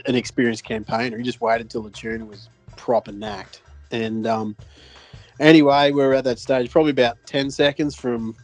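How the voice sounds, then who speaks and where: A man's voice: mid-range voice, no echo. A man with an Australian accent, co-hosting a podcast and telling a fishing story in casual chat, rambling and swearing with lots of fillers and restarts. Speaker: podcast co-host.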